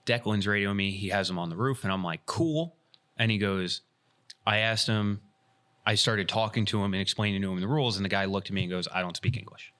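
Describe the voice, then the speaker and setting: A man's voice: lowish voice, fairly quick. A man hosting a podcast, telling a story in casual chat and acting out the lines of the people in it. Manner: animated retelling, acts out quoted dialogue. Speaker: podcast host and airsoft field staff.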